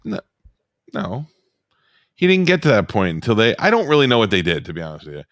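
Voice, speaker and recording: A man with a low voice co-hosts in loose chat. He is blunt and sardonic and swears freely. The sound is dry and close. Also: huge pitch swings, fairly quick, no echo. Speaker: podcast co-host. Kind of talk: casual profane chat.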